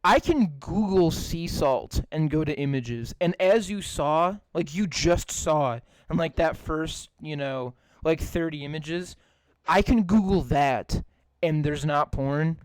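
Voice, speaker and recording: Exasperated swearing podcast host, dry sound. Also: male voice, fairly high pitch, slow pace, dry recording. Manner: exasperated, ranting, heavy swearing. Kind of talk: casual profane podcast chat.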